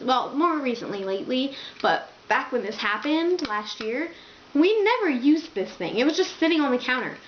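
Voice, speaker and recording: A young woman tells a casual storytime, rambling and full of "like" and "um". Her voice sits a little high, and the room rings with echo. The recording sounds a bit dull, with a faint hiss of ambience underneath. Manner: rambling, filler-heavy, lots of "like". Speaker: vlogger. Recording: echoey, slightly dull home recording.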